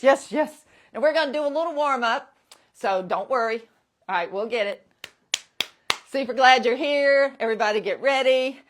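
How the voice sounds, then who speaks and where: A woman's voice: on the high side, fairly bright tone, a little hiss or hum. Upbeat fitness instructor woman in her sixties. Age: 60s. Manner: upbeat and encouraging, with cheering whoops. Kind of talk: live workout class instruction.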